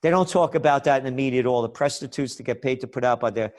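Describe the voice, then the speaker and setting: A man's voice: medium pitch, fast talker, darkish tone. A man speaking as a podcast guest in a fiery, ranting, sarcastic way. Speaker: guest, trends forecaster. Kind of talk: impassioned podcast interview.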